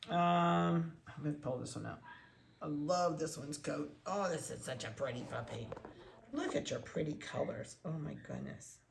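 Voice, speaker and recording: Gravelly-voiced dog breeder cooing at puppies. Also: medium pitch. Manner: chatty, coos at the puppies in soft baby talk. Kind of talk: casual talk while handling puppies. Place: indoor room of a home. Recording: echoey room, faint background noise.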